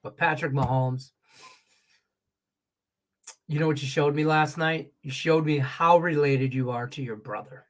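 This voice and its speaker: His voice a little high, this man rants unhurriedly and takes long pauses on a casual Las Vegas sports betting talk show. The tirade is profane, heated and animated, and he sounds congested from stuffed sinuses.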